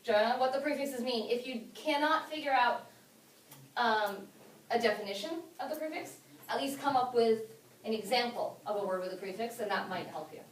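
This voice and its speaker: Upbeat woman teacher, high voice. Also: lively intonation, moderate pace. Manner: upbeat, encouraging, asks many questions. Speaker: English teacher. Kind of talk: classroom teaching. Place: classroom. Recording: echoey classroom from far off.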